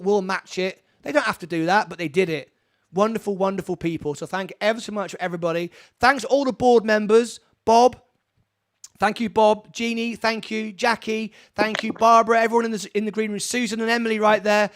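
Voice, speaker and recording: A man hosting a live-streamed charity fundraiser from his studio, rambling excitedly and laughing often. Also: sits high. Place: home studio.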